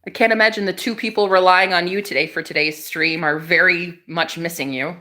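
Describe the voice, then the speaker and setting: A woman's voice: on the low side, steady tone, brisk, pushed and bright. A young woman livestreaming, ranting sarcastically at viewers in chat, swearing and laughing as she talks. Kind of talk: casual livestream rant to chat.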